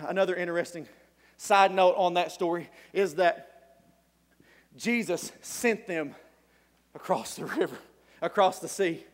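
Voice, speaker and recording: High-voiced preacher shouting in a hall. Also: male voice. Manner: animated storytelling, bursts of shouting, chuckles often. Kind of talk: sermon. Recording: long hall reverb.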